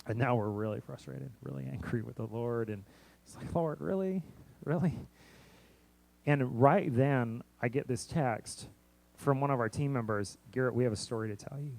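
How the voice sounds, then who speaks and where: A man, a missionary preacher, telling a long story in a sermon, often repeating words and restarting, lively when he quotes others. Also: mid-range voice, normal speed, creaky. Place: church sanctuary.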